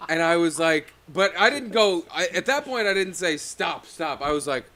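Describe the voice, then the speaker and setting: Man, podcast co-host, casual storytelling, profane, self-mocking, high voice. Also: lively intonation, normal speed, bright, forceful tone, a little hiss or hum. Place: studio.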